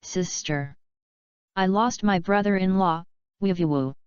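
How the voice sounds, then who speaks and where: A woman reading an impulsive young woman adventurer's lines in a flat storybook voice. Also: mid-range voice, unhurried, clear, resonant tone, no echo, lo-fi sound, close to an everyday voice.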